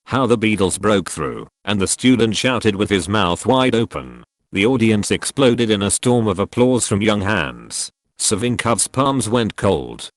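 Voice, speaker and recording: Low-voiced male audiobook narrator. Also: no echo. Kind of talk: scripted narration.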